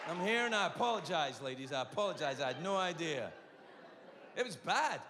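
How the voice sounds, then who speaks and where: A Scottish man tells a stand-up story with an animated, exaggerated, confessional delivery. His fairly high voice swings wildly up and down. His words ring out into a long hall reverb over faint ambience. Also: fairly quick, over a noisy crowd, very noisy. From Scotland. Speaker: stand-up comedian.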